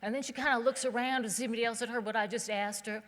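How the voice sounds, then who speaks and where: A woman's voice: fairly high pitch, fairly even intonation, very fast, fairly bright tone. A woman from southern West Virginia, giving a keynote speech as a humorous, conversational storyteller on a theater stage. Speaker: keynote speaker. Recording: long hall reverb.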